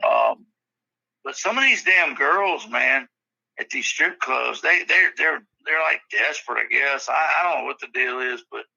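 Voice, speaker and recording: Gravelly, bright-toned man telling crude stories. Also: medium pitch, very animated, measured pace, dry recording, dull audio. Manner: profane, rambling storyteller. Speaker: podcast guest or co-host. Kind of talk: casual podcast chat.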